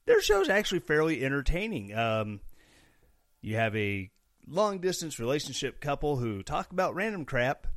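A man's voice: mid-range voice, no echo, studio quality. A young man from Missouri hosting a casual solo podcast, rambling and joking with sarcastic asides. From Missouri, USA. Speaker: podcast host.

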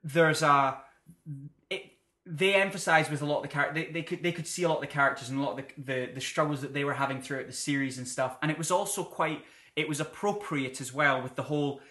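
A man's voice: fairly high pitch, fast, pushed and bright, reverberant. A man co-hosting a podcast, chatting casually and rambling with frequent laughs. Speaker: podcast co-host. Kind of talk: casual chat.

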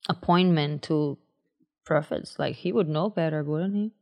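A woman co-hosting a podcast, chiming in with quick reactions and questions in casual chat. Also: low-pitched, gravelly, dull audio. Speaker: podcast co-host.

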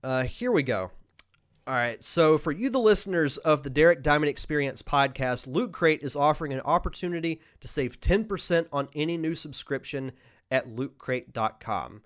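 A man's voice: a little high, lively intonation, normal speed. A young man hosting a podcast, chatting casually through a live Q&A, reading viewer questions aloud and answering off the cuff. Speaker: podcast host.

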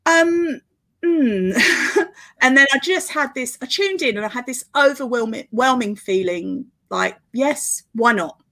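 A woman's voice: high-pitched, animated, a bit bright. Middle-aged woman telling a heartfelt story. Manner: flowing, earnest storytelling with quick laughs. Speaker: guest, author and festival organiser. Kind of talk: podcast interview storytelling.

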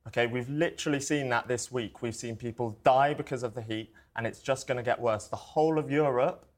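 A man's voice: medium pitch, a little fast. Earnest young male activist. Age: young adult. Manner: earnest, insistent. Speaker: climate protester guest. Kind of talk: debate.

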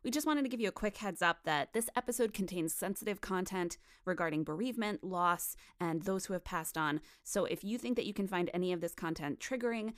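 A woman's voice: fairly low pitch, a little fast, hardly any pauses, no echo, clean studio sound. Playful woman giving a show warning. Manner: warm, playful, affectionate. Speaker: podcast host. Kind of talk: content warning intro.

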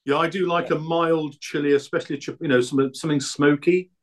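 A man's voice: fairly high pitch, fairly even intonation, a little fast. A man chatting enthusiastically as a podcast guest about the food he makes. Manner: enthusiastic, chatty about his own produce. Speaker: guest, black pudding producer. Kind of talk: casual podcast interview.

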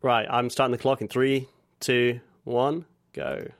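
A man's voice: mid-range voice, fairly even intonation, unhurried, no room sound. A man co-hosting a casual podcast, speaking in short, dry remarks. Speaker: podcast co-host and editor. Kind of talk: casual chat.

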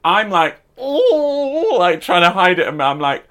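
A woman's voice: lowish voice, normal speed. A woman co-hosting a podcast, telling an anecdote in casual chat and acting out what people said. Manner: animated anecdote-telling with acted-out quotes. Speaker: podcast co-host.

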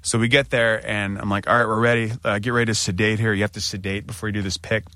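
A man's voice: on the low side, little pitch movement, quick pace, sharp tone, dry recording. A man casually telling a story on a podcast, acting out his own anxious outbursts.

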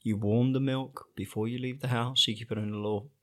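A man from Italy with an Italian accent co-hosts a relaxed chat. His voice sits in a middle pitch. He tells his stories with energy and laughs often. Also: fairly quick. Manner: lively storyteller, laughs often. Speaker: podcast co-host, father. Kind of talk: casual chat.

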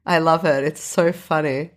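A woman co-hosting a casual podcast, giggly and enthusiastic as she reacts to scenes. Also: deep voice. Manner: giggly, enthusiastic, acts out quotes. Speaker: podcast co-host. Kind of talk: casual chat.

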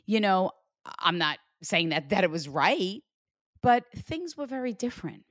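A woman working as a psychic medium, chatting casually and acting out what she hears, with lively jumps in her voice. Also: moderate pace, no room sound, clean studio sound. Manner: animated, acts out quoted spirits with big pitch jumps and laughter. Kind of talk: casual reading with a caller.

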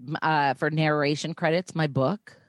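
Chatty low-voiced young woman. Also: fairly even intonation, moderate pace, no echo. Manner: chatty, self-deprecating, swears casually. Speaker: podcast co-host. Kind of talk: casual chat.

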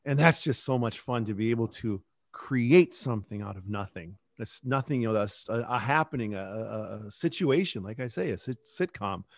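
A man's voice: on the low side, lively intonation, moderate pace, hardly any pauses, dry recording. A middle-aged man who creates a kids podcast, talking reflectively in a casual interview. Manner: reflective, rambling with restarts.

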